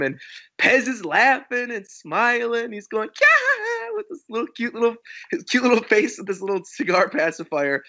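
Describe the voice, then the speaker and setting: A male podcast host recapping a comic chapter with animated storytelling. His voice is bright and forceful, a touch higher than most men. The recording sounds a bit dull and lo-fi. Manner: animated storyteller, acts out quotes.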